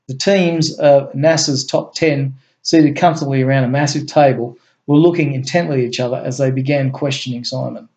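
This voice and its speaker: A man's voice: a little high, a little mellow, muffled recording. Man narrating a homemade story.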